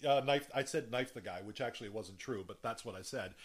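A man telling a wild story in casual chat, animated and profane, laughing often and acting out voices. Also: on the low side, fairly quick.

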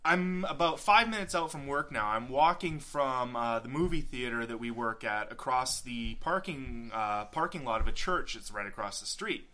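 A man's voice: medium pitch, animated, moderate pace, hardly any pauses, sharp tone. A young man casually telling a story to friends, laughing often and acting out the people he quotes. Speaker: storyteller in group chat.

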